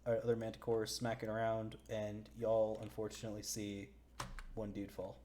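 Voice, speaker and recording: A man's voice: fairly low pitch, monotone, normal speed, warm tone, slight background noise. A young man narrating a tabletop game as dungeon master, casual and full of fillers, often breaking into laughter.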